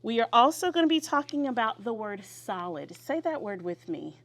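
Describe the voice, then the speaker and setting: In a classroom, a woman teaches young children vocabulary through call-and-response, stretching out her words. Her voice sits on the high side and swings widely in pitch.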